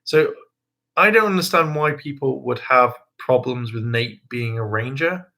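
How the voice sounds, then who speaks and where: A young man hosting a casual livestream, talking in a hesitant, rambling way with many ums and restarts, now and then jumping into a high, mocking voice to quote people. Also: lively intonation, a little slow, sharp tone. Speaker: livestream host.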